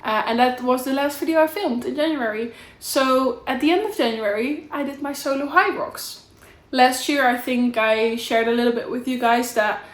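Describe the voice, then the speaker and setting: A young woman with a Dutch accent chats candidly to her camera, rambling along in a friendly catch-up. Her voice sits a little high. The room around her rings with a noticeable echo. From Netherlands. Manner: chatty, rambling, warm and candid. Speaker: vlogger. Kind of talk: casual catch-up chat to camera.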